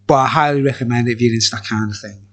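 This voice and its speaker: A man's voice: medium pitch, very fast, fairly bright tone. A middle-aged man reviewing beer in a tipsy, jokey, rambling vlog chat, laughing often.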